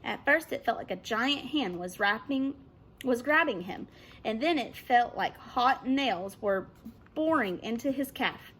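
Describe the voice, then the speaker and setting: A woman teacher reading a children's novel aloud with expressive narration. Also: fairly high pitch, a little slow, a little hiss or hum.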